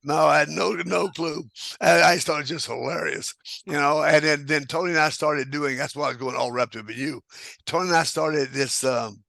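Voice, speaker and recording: A man's voice: on the high side, fairly even intonation, normal speed, vocal fry, bright, forceful tone, dry recording. An older man, a guest telling rambling anecdotes with chuckles and restarts. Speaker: guest square dance caller. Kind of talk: casual storytelling interview.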